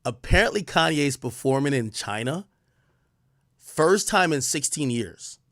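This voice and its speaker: A man livestreaming, telling stories to his viewers in casual chat, animated and swearing often. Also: a little high, unhurried, no room sound, clean studio sound.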